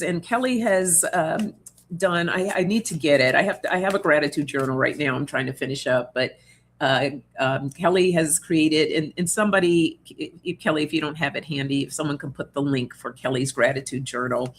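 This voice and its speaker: A woman's voice: low voice, normal speed, a little hiss or hum. A woman hosting an oracle card reading livestream in casual chat, reading out viewer comments, reassuring and laughing often. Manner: chatty and reassuring, laughs often, many fillers.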